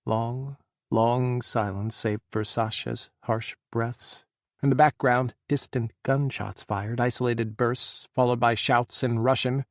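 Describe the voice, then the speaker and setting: Gravelly male audiobook narrator. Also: mid-range voice, steady tone, measured pace, dry recording, clean studio sound. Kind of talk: scripted narration.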